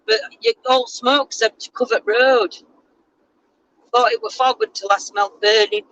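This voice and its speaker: A woman's voice: on the high side, steady tone, unhurried, a bit bright, dull audio. Chatty woman in a car. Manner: chatty, self-mocking. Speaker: vlogger. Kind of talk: casual chat. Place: in a moving car. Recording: car noise in background.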